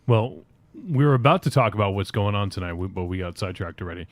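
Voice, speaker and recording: A man's voice: lowish voice, animated, fast talker, no room sound. A man hosting a podcast in casual, joking chat, laughing often and trailing off with uh. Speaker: podcast host and producer.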